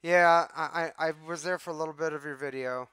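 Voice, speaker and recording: A man's voice: fairly high pitch, steady tone, fairly quick, a bit bright, clear, resonant tone, no room sound, studio quality. A man hosting a live stream, exasperated and swearing as he answers his chat. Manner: exasperated, profane, talks to chat. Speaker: livestream host. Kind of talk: casual live-stream talk.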